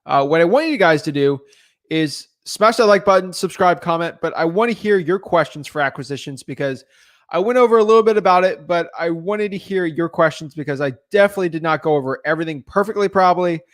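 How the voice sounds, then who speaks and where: A young man with a slightly raised voice coaching his viewers in a relaxed livestream. He talks quickly and loosely, full of fillers, and keeps calling his audience guys. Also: on the high side. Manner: fast, casual, filler-heavy, addresses viewers as guys. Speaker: real estate coach. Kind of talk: casual teaching livestream.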